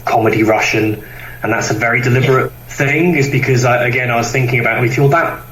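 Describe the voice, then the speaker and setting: A man's voice: medium pitch, fairly even intonation, quick pace, fairly bright tone, reverberant, distant mic, slight background noise, rough recording. A man who publishes comics, talking casually on a podcast and rambling with lots of fillers and restarts.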